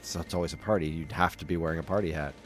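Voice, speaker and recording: Low-voiced playful male podcast host. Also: very fast, faint music behind. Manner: playful, jokey banter. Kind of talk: casual chat.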